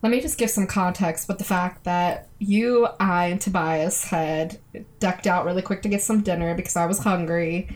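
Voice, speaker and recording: A woman co-hosting a podcast, chatting casually and telling a long story with lots of fillers. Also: on the low side. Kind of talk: casual chat.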